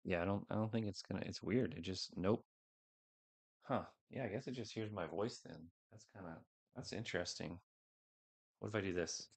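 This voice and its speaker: Man, low voice with fry, unsure rambling livestream host on a headset mic. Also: normal speed. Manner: rambling, unsure, talks to viewers. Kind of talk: casual livestream chat. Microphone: headset microphone.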